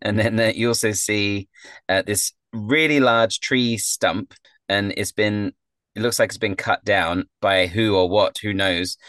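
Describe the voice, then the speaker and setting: Brief: low-pitched man, game master narrating, halting with fillers, dry close mic. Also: steady tone, a bit bright, dry recording. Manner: descriptive with frequent fillers.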